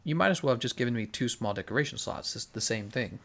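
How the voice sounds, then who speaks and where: A man gives relaxed live-stream commentary as he plays, picking up questions from chat and mulling them over aloud. His voice sits at an ordinary middle pitch with a gravelly, creaky edge. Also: quick pace. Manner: laid-back, reads chat questions aloud and muses on answers. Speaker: game streamer. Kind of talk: casual live-stream commentary while playing.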